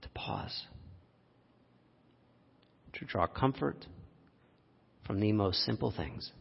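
A man preaching a sermon, telling a personal story with frequent laughs and an animated delivery. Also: fairly low pitch, measured pace, creaky, husky. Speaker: pastor. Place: church sanctuary. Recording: dull lo-fi audio, long hall reverb.

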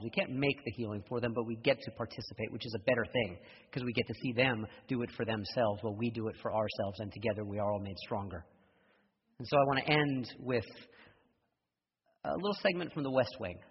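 A man's voice: medium pitch, slightly rough. Preacher man in a dull echoey hall. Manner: storytelling with rising intensity and soft prayerful close. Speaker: pastor. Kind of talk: sermon.

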